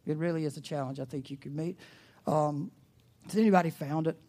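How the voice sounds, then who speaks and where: Animated pastor preaching a sermon. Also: mid-range voice, brisk. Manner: animated, engages the congregation with questions.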